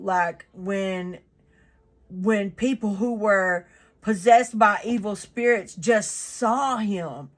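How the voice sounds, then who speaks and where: A woman, reading the Bible aloud and reflecting on it in a chatty, earnest way with many fillers. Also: on the high side.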